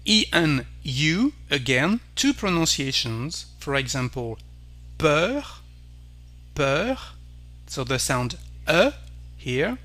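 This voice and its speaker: A man with a French accent teaching pronunciation, saying each word slowly and carefully and repeating it for the learner. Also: mid-range voice, sing-song, pushed and bright. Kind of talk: pronunciation lesson.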